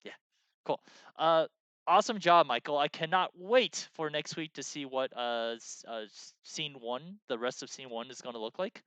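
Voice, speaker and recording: Smooth-voiced rambling man chatting. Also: on the high side, moderate pace, fairly bright tone, dry recording. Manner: rambling, many fillers and restarts. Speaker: co-host of a game design stream. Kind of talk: casual chat, reading out chat messages.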